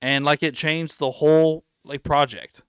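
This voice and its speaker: A man's voice: a little high, fairly even intonation, unhurried, fairly bright tone, clear, resonant tone, no room sound, clean studio sound. A man hosting a casual podcast, telling stories at length and acting out what people said. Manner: rambling storyteller, acts out quotes. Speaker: podcast host.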